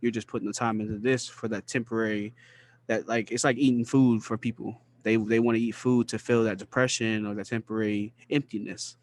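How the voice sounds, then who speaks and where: A man co-hosting a podcast, speaking earnestly in casual talk, searching for words and slowing down on key phrases. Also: on the low side, flat delivery. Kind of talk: casual conversation.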